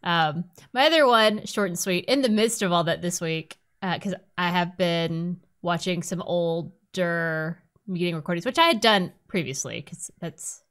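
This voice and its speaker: A woman co-hosting a podcast in casual chat, blunt and profane, ranting with sudden jumps up in pitch. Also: measured pace, hardly any pauses, fairly bright tone. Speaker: podcast co-host.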